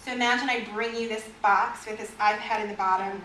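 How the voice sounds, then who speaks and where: A woman teaching a class on fearful dogs as a trainer, in a lively way, with vivid examples and questions to her audience. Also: a little high, brisk, background noise. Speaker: dog trainer. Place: store or training room with an audience. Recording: echoey room, recorded from a distance.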